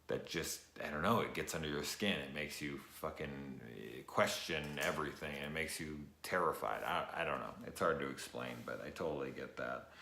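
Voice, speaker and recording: A young man giving a rambling, casual late-night review, tired, swearing often and filling pauses with ums and uhs. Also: rumbling low, fairly bright tone. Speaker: show reviewer. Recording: echoey room.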